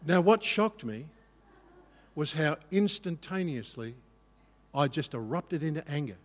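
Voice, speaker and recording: A male pastor telling a personal story in a sermon, animated and self-mocking. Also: on the high side, a little slow, big-room sound.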